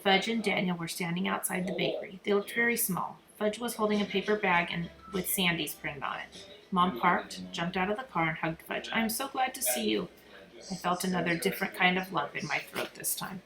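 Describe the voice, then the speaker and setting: A woman reading a children's novel aloud with expressive storytelling. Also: fairly low pitch, brisk, over music. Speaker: reader. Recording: roomy echo, crowd murmur behind.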